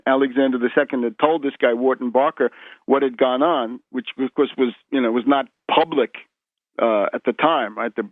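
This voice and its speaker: A man's voice: mid-range voice, no room sound. A man as a radio interview guest, explaining history in a lecturing way, often restarting words and tagging points with "right?". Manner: lecturing, with frequent word restarts and tag "right?". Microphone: phone. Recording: tinny phone line.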